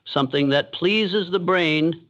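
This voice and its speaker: A man giving scripted motivational narration with a measured, deliberate delivery and emphatic pauses. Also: a little high, fairly bright tone, lo-fi sound.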